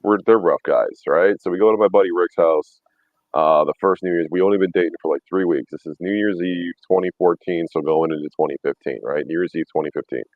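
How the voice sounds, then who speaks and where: A man's voice: deep voice, quick pace, no room sound, phone-quality sound. A man in his thirties telling rambling, profane stories in casual chat, laughing often. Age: 30s. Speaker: podcast host.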